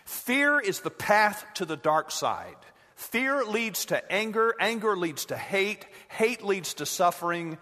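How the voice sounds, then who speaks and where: A man voicing a tiny, ancient, wise alien master who speaks slowly with words turned around. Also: high-pitched, big pitch swings, pushed and bright, voice pushed up, full character voice. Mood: stern. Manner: inverted word order, slow and drawn out. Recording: echoey hall.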